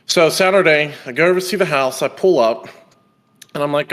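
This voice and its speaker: A man's voice: on the high side, brisk. A young man and podcast host telling a story in a casual chat, acting out the people he quotes. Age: young adult. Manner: animated storyteller, acts out quoted voices.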